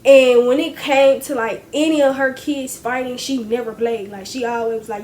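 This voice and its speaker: Young woman, high voice, chatty storytime vlogger; animated, talks straight to viewers. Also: moderate pace, slight background noise. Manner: animated, chatty, addresses viewers as y'all, laughs often. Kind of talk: casual storytime chat to viewers.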